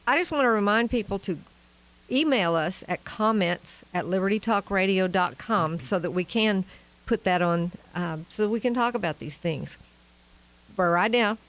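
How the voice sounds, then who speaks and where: A woman co-hosting a radio talk show, upbeat and quick to laugh, reading out contact details. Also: medium pitch, rough recording. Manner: upbeat, giggly, encouraging. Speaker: radio co-host. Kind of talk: casual radio chat.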